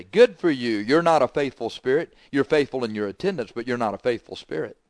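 Guy preaching, firing off questions at the crowd, dry sound, middle pitch. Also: animated, fairly quick, hardly any pauses, dry recording. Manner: emphatic, confrontational rhetorical questions. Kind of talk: sermon.

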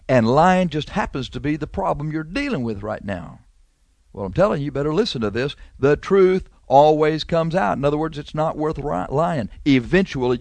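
A man preaching a radio sermon with fervor, repeating lines and climbing suddenly in pitch and volume. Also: no room sound.

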